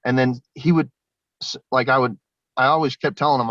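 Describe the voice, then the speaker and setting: A man's voice: mid-range voice, steady tone, brisk, a bit bright, dry recording, muffled recording. A young man telling a long personal story in an interview, rambling with many fillers and restarts. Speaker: guest. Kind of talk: recounting personal experiences.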